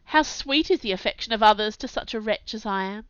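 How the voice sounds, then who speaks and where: A woman voicing a gentle condemned young man. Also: medium pitch, brisk, clear, resonant tone, dry recording, highs cut off, close to an everyday voice. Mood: grateful, resigned.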